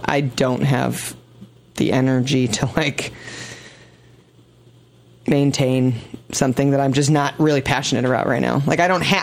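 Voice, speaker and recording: A man chatting as a podcast guest at an ordinary, middle pitch for a man. He talks in a loose, rambling way, with a lot of "like" and "you know" and thoughts that trail off. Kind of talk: casual chat.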